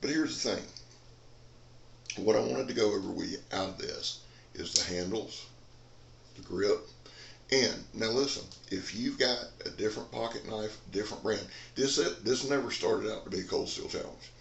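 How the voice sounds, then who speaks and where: A man's voice: on the low side, normal speed, vocal fry, roomy sound, a little hiss or hum. A man, rambling in a folksy casual chat as a knife reviewer in a dim room. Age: 40s.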